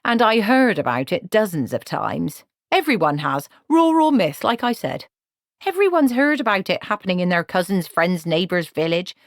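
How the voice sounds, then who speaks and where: A woman's voice: medium pitch, sing-song, moderate pace, dry recording, clean studio sound, voice pushed up. A woman voicing a cheerful, chatty old witch with a folksy way of talking.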